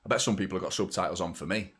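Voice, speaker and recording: A man's voice: low-pitched, very fast, fairly bright tone, husky. Chatty English man hosting a watchalong. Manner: chatty, rambling, talks to viewers by name. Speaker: football watchalong host. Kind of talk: casual live match chat.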